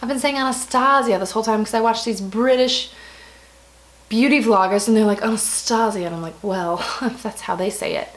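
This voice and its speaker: A woman's voice: fairly high pitch, fairly quick, fairly bright tone. A young American woman chatting casually through a makeup review, often correcting herself mid-sentence and laughing at her own slips. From United States. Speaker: beauty vlogger.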